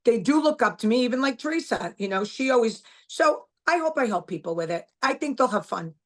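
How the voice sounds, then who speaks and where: Middle-aged woman guest, blunt and emphatic, a bit higher-pitched, casual interview talk. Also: lively intonation, a little fast, a bit bright. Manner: blunt, emphatic, repeats herself. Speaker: guest, author.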